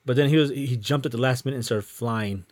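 A man's voice: mid-range voice, a little mellow, dry recording, clean studio sound. A man from Wisconsin co-hosting a podcast, telling rambling stories in crude casual banter. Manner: fast, rambling storyteller. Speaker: podcast co-host.

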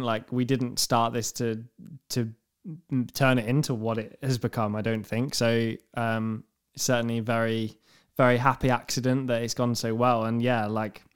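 A man's voice: mid-range voice, clean tone. A man co-hosting a podcast, modest and hesitant, joking at his own expense. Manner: modest, hesitant, self-deprecating. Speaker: podcast co-host. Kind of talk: casual podcast chat.

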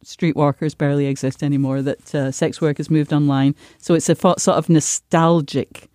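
A woman co-hosting a podcast, speaking in a measured, clarifying way. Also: low-pitched, little pitch movement, mellow, no room sound, studio quality. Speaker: podcast co-host. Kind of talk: casual chat.

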